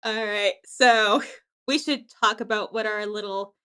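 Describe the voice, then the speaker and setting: A woman co-hosting a podcast in casual chat, animated and giggly. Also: medium pitch, measured pace, clear, resonant tone. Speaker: podcast co-host.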